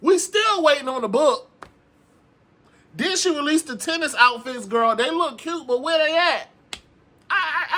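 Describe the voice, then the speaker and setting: A man hosting a reality TV recap, talking in a sassy, animated way, calling his viewers "girl" and swearing often. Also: very high voice, measured pace, pauses often. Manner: frequent profanity and emphatic repetition. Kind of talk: casual commentary.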